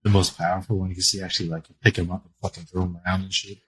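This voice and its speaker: Husky low-voiced young man. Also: little pitch movement, very fast, fairly bright tone, poor audio. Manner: laid-back, short agreeing replies, casual swearing. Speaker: podcast co-host. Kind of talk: casual chat.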